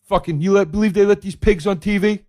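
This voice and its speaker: A man's voice: mid-range voice, brisk, close to an everyday voice. A man voicing a crude TV viewer who talks in a slack, profane drawl. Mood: excited. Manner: slack, crude, then excited. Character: crude, gawking male TV viewer.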